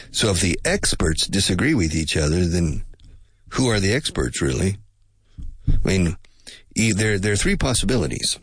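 Low husky guy teaching english, rambly and musing, dry close sound. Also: dry recording. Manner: musing, speculative, repeats and drills pronunciation. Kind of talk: casual spoken lesson to learners.

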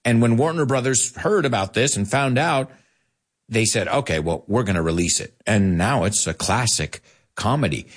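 A man in his forties, a podcast host teaching English, talking in an animated way and acting out quotes. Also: moderate pace. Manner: animated, acts out quotes with big pitch jumps. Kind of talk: bilingual English lesson.

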